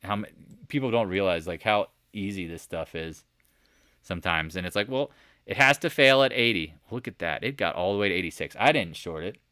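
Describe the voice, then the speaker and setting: A man hosting a live market chat, walking viewers through charts with animated asides and rhetorical questions to the chat. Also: deep voice, fairly quick, no echo, clean studio sound. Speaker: market commentary host. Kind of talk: live stock chart commentary.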